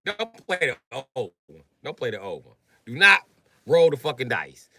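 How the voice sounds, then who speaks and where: Loud, brassy male streamer ranting. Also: medium pitch, moderate pace, dry recording. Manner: loud, profane, animated, often shouting. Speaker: live streamer. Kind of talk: comedic live stream rant.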